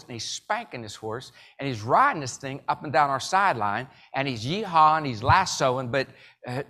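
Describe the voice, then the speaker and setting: A man giving a live motivational keynote, telling jokey stories and leading the audience in call-and-response with sudden loud bursts. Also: mid-range voice. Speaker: motivational speaker.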